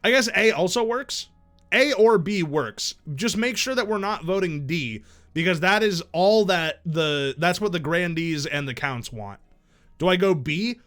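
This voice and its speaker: A man's voice: high voice, expressive, unhurried, fairly bright tone, faint music behind. A man streaming a game live, thinking aloud in casual, profane chat.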